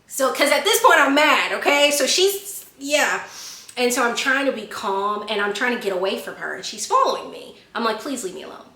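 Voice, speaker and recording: A woman, chatting casually as a vlogger and telling an animated story that she laughs at. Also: fairly high pitch, normal speed, echoey room. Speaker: vlogger answering viewer questions. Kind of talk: casual chat.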